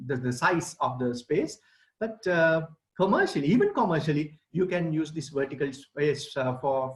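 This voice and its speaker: Middle-aged Sri man, gardening expert, fairly high voice, patient explainer talking to kids and parents. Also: low-quality recording. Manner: explanatory, addressing children and parents. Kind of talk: online presentation.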